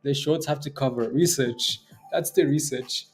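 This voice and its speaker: A man's voice: medium pitch, normal speed, faint music behind. Joking man hosting a trading stream. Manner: chatty and joking, laughs often, mocks viewers. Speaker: day trading livestream host. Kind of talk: casual livestream chat.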